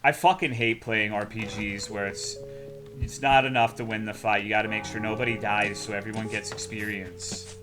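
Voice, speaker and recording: A man's voice: lowish voice, fairly even intonation, moderate pace, music in the background. A man streaming a game, chatting casually and offhandedly with plenty of swearing. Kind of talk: casual gaming stream commentary.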